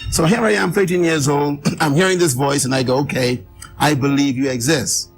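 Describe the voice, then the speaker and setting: A man recounting his life story as an interview guest, emphatic, with repeated phrases and dramatic pauses. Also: on the high side, fairly even intonation, soft background music, low-quality recording.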